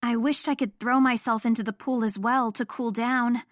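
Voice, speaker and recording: A woman's voice: on the high side, steady tone, moderate pace, dry recording, studio quality. A young woman narrating a first-person romance audiobook in an intimate storytelling manner.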